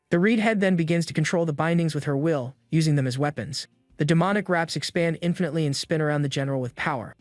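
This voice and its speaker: Man, recap narrator, raised pitch, dry close mic, faint music underneath. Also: dry recording. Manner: steady storytelling recap. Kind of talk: scripted narration.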